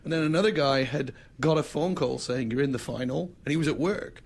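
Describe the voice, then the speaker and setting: A man's voice: fairly high pitch, a little fast, vocal fry. A man casually telling an anecdote as a podcast guest, acting out the voices of the people in his story. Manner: lively storyteller who acts out the other people in his story.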